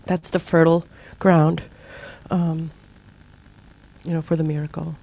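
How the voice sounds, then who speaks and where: This middle-aged woman's voice sits low, with vocal fry and a measured pace, over slight background noise. Leading a spiritual group, she speaks earnestly and informally, performing her own outbursts while telling lively stories.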